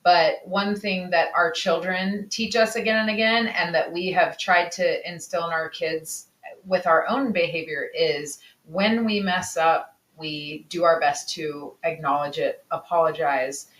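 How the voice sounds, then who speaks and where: A woman's voice: lowish voice, a little slow, a bit bright. A woman co-hosting a casual podcast about parenting, talking in a candid, reflective way. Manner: reflective, candid, sometimes swears. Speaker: podcast co-host. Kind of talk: casual conversation. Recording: echoey room.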